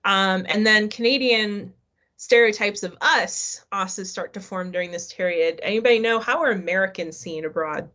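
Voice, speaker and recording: A woman's voice: medium pitch, normal speed, sharp tone. A middle-aged woman teaching a live online history class, talking casually and asking her students questions. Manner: conversational, asks the class questions.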